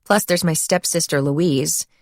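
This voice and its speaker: A woman's voice: low voice, unhurried, dry recording, clean studio sound. A woman narrator voicing a breezy, sardonic rich young college woman with an airy, dismissive manner. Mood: mocking.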